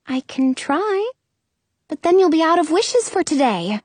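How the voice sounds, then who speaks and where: Storybook genie, young female, bubbly and high, slow unhurried delivery; a woman reads her. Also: very animated, a little mellow, no echo, exaggerated voice. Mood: bubbly eager. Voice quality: high, eager and apologetic.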